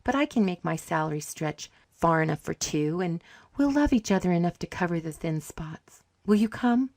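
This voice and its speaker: A woman reading an audiobook, voicing a gentle, loving young woman who speaks softly. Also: lowish voice, lively intonation, normal speed, no echo, clean studio sound. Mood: tender.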